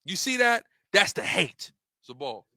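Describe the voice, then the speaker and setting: Guy ranting thru his slides, highish voice, dry room, keeps asking "right?". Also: big pitch swings, normal speed, vocal fry, bright, forceful tone, no echo. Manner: rhetorical, repeats questions, emphatic. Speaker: religious debater presenting slides. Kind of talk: impassioned monologue.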